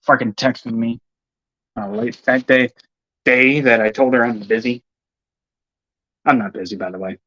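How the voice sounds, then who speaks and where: A man rambles through a casual livestream, cursing and grumbling half to himself. His voice sits at an ordinary middle pitch. The sound is dull and lo-fi and completely dry. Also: fairly even intonation, normal speed, pauses often, pushed and bright, no echo. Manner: profane, irritable, muttering to himself. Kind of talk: rambling casual stream talk.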